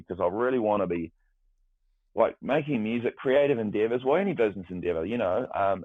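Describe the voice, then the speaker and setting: Deep-voiced New man on a tinny line. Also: no room sound. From New Zealand. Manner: animated, rambling with restarts, swears freely. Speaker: guest, music producer. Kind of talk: casual chat. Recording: dry, tinny phone-like sound.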